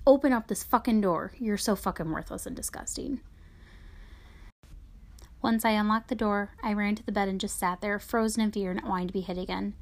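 In a quiet, subdued voice of middling pitch, a woman reads aloud from her own memoir. Now and then her reading drops nearly to a whisper.

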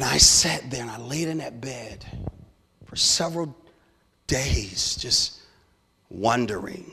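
A man preaching a sermon as a guest speaker, telling his story with rising passion until he is declaring loudly. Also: medium pitch, expressive, slow pace, gravelly, long pauses, breathy edge. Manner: impassioned, building to loud declarations. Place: church sanctuary. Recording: long hall reverb.

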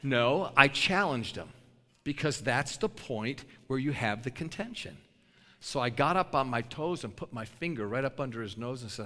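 An older man preaching a sermon, a lively storyteller who laughs between his lines. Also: mid-range voice, moderate pace, in a large hall.

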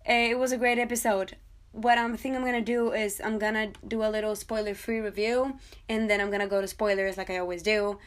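A young woman hosting a solo podcast, chatting excitedly and casually with frequent fillers. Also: mid-range voice. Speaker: podcast host.

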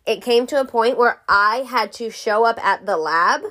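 A woman's voice: a little high, moderate pace, a bit bright. A woman vlogger telling a story to camera in a casual way. She is frank, jokey and swears freely.

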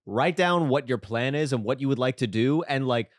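A man co-hosts a casual podcast and gives earnest, encouraging advice. His voice sits at an average pitch. The recording is dry and close. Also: moderate pace, no echo. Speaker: podcast co-host.

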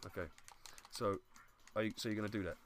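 A man, a podcast host in casual banter, building up a comic scenario with drawn-out detail. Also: on the low side, slight background noise. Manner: builds scenarios, acts out posh politeness.

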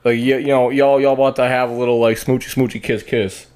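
A man's voice: medium pitch, little pitch movement, fast talker, darkish tone, smooth. A man hosting a podcast, chatting crudely, swearing and laughing often. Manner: laughs often, swears, trails off mid-sentence. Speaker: podcast host. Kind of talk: crude casual chat.

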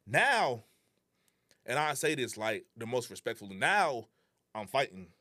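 Speaking a little slowly in a mid-range voice, a young man appears as a guest in relaxed conversation. His personal story comes alive as he acts out what people said, peppering it with slang and profanity.

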